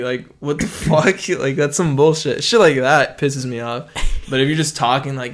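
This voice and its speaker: A man's voice: fairly high pitch, level tone, fairly quick. A young man hosting a podcast, telling stories in casual, profane chat and acting out the people he quotes. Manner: profane storyteller, acts out quotes. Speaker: podcast host.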